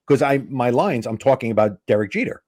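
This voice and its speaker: A man's voice: mid-range voice, a little fast, dry recording, studio quality. A male comedian telling a casual anecdote as a guest, acting out the dialogue. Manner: animated anecdote teller acting out quoted dialogue. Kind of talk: casual storytelling.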